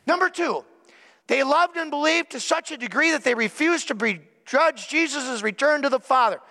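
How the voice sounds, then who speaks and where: A man's voice: very high voice, expressive, moderate pace, bright, forceful tone. A man preaching a sermon to his congregation, emphatic, repeating key words and putting questions to the listeners. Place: church. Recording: church hall with long reverb.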